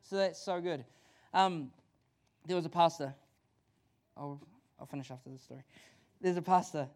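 A fired-up pastor with a New Zealand accent, preaching in church with a notably high-pitched voice. He talks in a loose, chatty way, doubling back and restarting phrases as his excitement runs ahead of him. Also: moderate pace. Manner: excited, energetic, conversational preaching with frequent restarts. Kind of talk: sermon.

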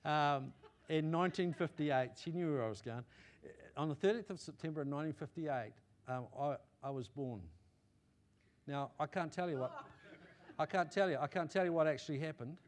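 A man preaching a sermon and sharing his testimony, halting with restarts and swelling to loud emphatic peaks. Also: on the high side. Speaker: pastor.

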